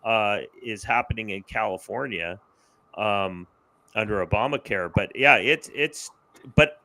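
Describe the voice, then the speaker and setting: A man from Canada co-hosting a political livestream, explaining his views in a measured way with slight hesitations. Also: on the low side, bright, forceful tone, no room sound. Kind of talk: casual political chat.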